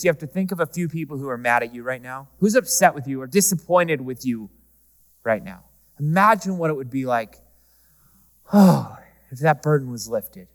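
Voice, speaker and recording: A man preaching a sermon, talking to the congregation in a conversational, humorous way and shifting often between loud and soft. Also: a little high. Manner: conversational preaching with humor, varying pace and volume. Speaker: pastor. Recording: reverberant hall.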